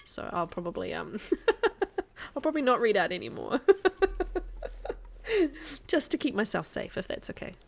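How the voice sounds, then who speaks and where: A woman's voice: medium pitch, big pitch swings, a little fast, creaky. A woman streaming a video game, chatting casually with her viewers, answering their comments and laughing often. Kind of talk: casual live-stream chat while playing.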